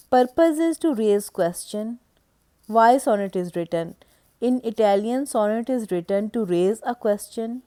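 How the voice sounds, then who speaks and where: Slow, mellow-voiced woman lecturing. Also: mid-range voice. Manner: measured, explanatory, with hesitant fillers. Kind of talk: recorded lecture.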